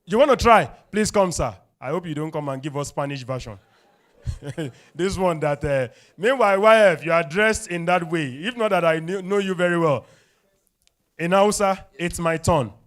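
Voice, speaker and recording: A man with a Nigerian English accent hosting a live event, leading the crowd in energetic call-and-response. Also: on the high side, normal speed. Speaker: event host. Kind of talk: lively event emceeing. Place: event hall.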